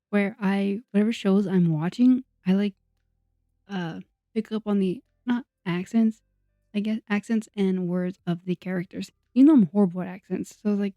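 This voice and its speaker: A woman's voice: mid-range voice, normal speed, no room sound. Rambling young woman YouTuber. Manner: rambling, self-deprecating, frequent fillers and laughs. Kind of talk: casual chatty voice-over. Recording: dull, dry sound under soft music.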